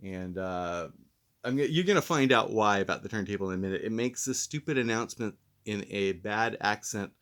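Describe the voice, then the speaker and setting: A man's voice: lowish voice, a little fast, fairly bright tone. A man hosting a casual vlog review who talks in a rambling, laid-back, self-deprecating way while mildly stoned. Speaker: host and reviewer.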